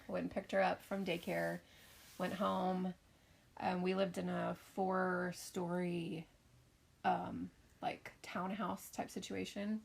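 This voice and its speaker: A middle-aged woman, a podcast co-host and mother, telling a family story in casual chat, animated and often laughing. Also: fairly low pitch, gravelly.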